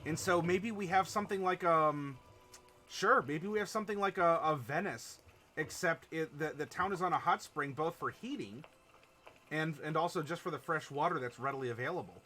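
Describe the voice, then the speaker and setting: A man's voice: fairly high pitch, normal speed, sharp tone, a little hiss or hum. A man from Ohio hosting a live-stream worldbuilding workshop, chatting casually, reading chat messages aloud and laughing often.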